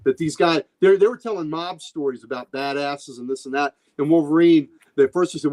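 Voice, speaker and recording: A man's voice: mid-range voice, fairly quick, few pauses, darkish tone. A middle-aged man hosting a podcast, retelling comic book scenes in casual, enthusiastic chat. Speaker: podcast host.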